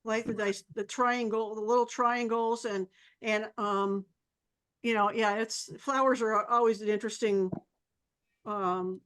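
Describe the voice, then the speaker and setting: A chatty woman with a somewhat high voice announces photo entries and their scores. She drifts into casual remarks about the pictures and laughs easily. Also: fairly even intonation, measured pace, fairly bright tone. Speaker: meeting presenter.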